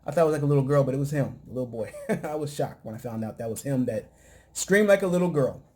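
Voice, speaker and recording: A man's voice: mid-range voice, fast, darkish tone, slight background noise. A man hosting a casual talk show, recapping episodes in a loose, rambling way full of fillers. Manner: mimics cast lines in quoted bits. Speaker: podcast host.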